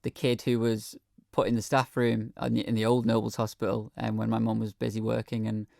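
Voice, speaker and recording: A man's voice: on the low side, completely flat delivery, brisk, creaky, dark tone, no room sound, studio quality. A man speaking as a guest in a radio interview, earnest and hesitant, with many ums. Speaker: guest, hospital patient. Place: radio studio.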